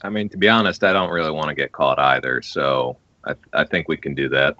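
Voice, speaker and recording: A man playing a tabletop role-playing game, talking casually and low-key. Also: brisk, sharp tone, no echo, highs cut off. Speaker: player.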